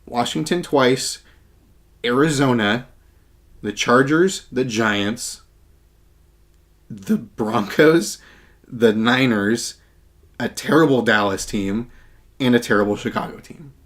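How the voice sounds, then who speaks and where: A man's voice: medium pitch, slow, pauses often, a bit bright. Confident man arguing football picks. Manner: confident, argumentative, lists points. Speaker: podcast co-host. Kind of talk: casual sports chat.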